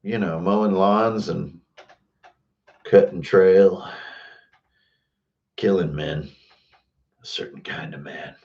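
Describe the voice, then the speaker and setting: A grizzled frontier gunman, as a man puts him on, drawls his tall tales low and flat, dead serious about absurd deeds. The voice sits well below the speaker's usual pitch, and the sound comes through slightly dull and muffled. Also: takes it slowly, vocal fry, pauses often, recorded from a distance, exaggerated voice. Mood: deadpan boastful. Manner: deadpan tall-tale boasting.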